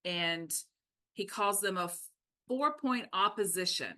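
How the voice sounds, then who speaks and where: A woman co-hosting a podcast, talking casually and animatedly about a book, with quick asides. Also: mid-range voice, animated, bright, forceful tone. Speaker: podcast co-host.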